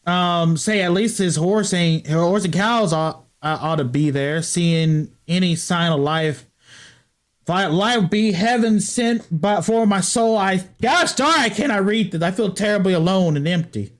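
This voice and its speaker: Guy doing a scared old country fella, high shaky drawl, begging and fretting. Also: a little slow. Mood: uneasy. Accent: put-on American country accent. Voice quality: drawling, folksy. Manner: panicky, pleading, breathless. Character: frightened old rural man hiding from guards. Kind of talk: reading game dialogue in character.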